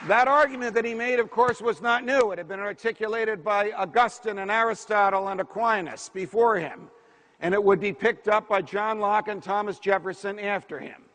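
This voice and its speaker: A man's voice: high-pitched, moderate pace, a bit bright. A man giving a political speech, emphatic and rhetorical, lecturing a crowd. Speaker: speaker. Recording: reverberant hall.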